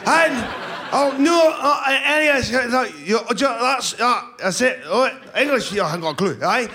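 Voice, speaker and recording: A man's voice: extremely high pitch, lively intonation, moderate pace, background noise. A hungover man doing stand-up, rambling and stammering through scattered starts. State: hungover, worn voice. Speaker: stand-up comedian. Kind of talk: stand-up comedy set. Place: comedy venue stage.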